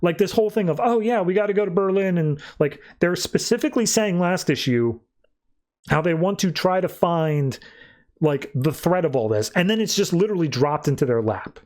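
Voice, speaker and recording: Male podcast host, slightly high voice, loose rambling review talk, filler-heavy. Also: a little mellow. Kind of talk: casual review chat.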